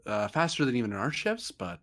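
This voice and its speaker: A man's voice: medium pitch, sing-song, brisk, a bit bright. A man playing an online tabletop game, wry and thinking aloud with frequent fillers. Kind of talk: casual game chat.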